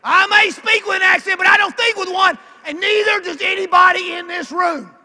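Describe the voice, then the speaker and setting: High, bright-voiced older Southern man orating. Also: fairly even intonation, normal speed. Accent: Arkansas Southern. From Arkansas. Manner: emphatic, calling out lines loudly, folksy. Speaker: keynote speaker. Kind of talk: motivational banquet speech. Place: large banquet hall. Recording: echoey banquet hall with long reverb.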